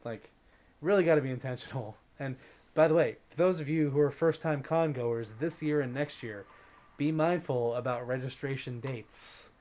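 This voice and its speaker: A man's voice: medium pitch, normal speed, darkish tone. An upbeat man hosting a casual livestream, chatting easily and reading out viewer comments. He greets viewers by name and keeps the tone light and friendly. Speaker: livestream host.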